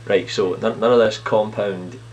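A man's voice: lowish voice, steady tone, moderate pace, a little mellow, dull audio, a little hiss or hum. A man talking with himself in a casual improvised comedy skit, rambling and self-mocking, recorded at home on a camera in his sitting room. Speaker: video blogger playing himself and his clone. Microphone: camera on a TV unit.

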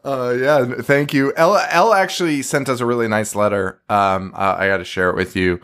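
A man's voice: mid-range voice, a little fast, a bit bright, clear, resonant tone. A young man co-hosting a podcast, chatting casually, swearing and laughing often. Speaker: podcast co-host.

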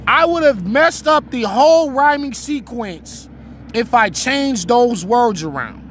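A man's voice: very high voice, big pitch swings, takes it slowly, fairly bright tone, slight background noise. A man in his thirties giving a casual lesson on rap rhyme writing, reciting example bars and repeating himself as he explains. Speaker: battle rap writing teacher. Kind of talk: informal instructional talk to camera.

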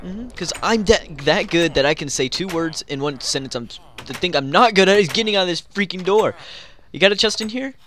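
A young man giving excitable, joking commentary while playing a game, talking to himself and the players around him. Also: sits high, a little fast, slight background noise. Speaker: gaming YouTuber. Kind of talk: live Minecraft gameplay commentary.

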